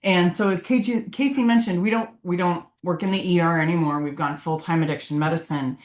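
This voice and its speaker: A woman's voice: lowish voice, steady tone, a little fast. A woman, a physician, giving a casual continuing-education lecture in an earnest, heartfelt way. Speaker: physician presenter. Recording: echoey room.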